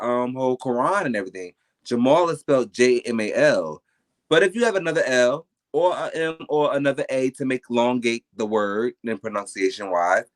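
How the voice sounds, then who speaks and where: Emphatic New Jersey man, casual chat. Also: medium pitch. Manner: emphatic, animated storytelling, swears freely. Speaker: podcast guest, author.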